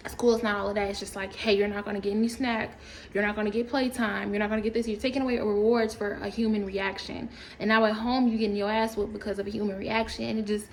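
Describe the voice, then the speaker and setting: A woman ranting casually to camera, animated and profane, rambling with laughs along the way. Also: medium pitch, a little hiss or hum, poor audio. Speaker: storytime creator.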